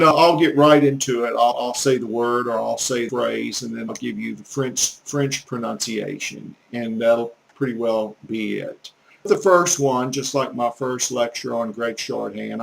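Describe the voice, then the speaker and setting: Southern drawl, older man, gravelly folksy teacher voice, earnest and a bit preachy. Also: medium pitch, slight background noise, low-quality recording. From American South, Gulf Coast. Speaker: YouTube language teacher. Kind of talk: casual rambling monologue.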